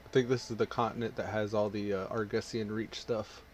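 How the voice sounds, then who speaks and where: A man's voice: lowish voice, little pitch movement, brisk, a little hiss or hum. A man casually talking through his online game session, chatting and thinking aloud as he plays. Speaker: gaming streamer. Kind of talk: casual gameplay commentary.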